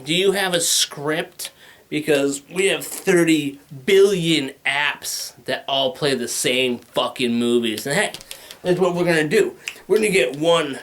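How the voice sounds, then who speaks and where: Guy doing a stand-up set, kinda high voice, rambling and swearing, fake-mad rants. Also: fairly bright tone. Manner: rambling, profane, mock-angry rants with quick put-on quote voices. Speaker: stand-up comedian. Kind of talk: stand-up comedy.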